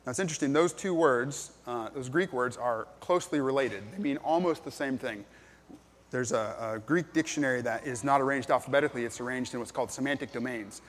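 A man's voice: mid-range voice, brisk, slight background noise. Earnest male pastor in an echoing hall. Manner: earnest, plain-spoken, many ums and restarts. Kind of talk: sermon.

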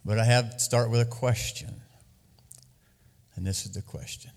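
A man preaching a sermon to a church congregation, lively and loud at times. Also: lowish voice, moderate pace, creaky, long pauses, big-room sound. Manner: lively, loud bursts, sings and laughs at times. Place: church hall. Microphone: handheld mic.

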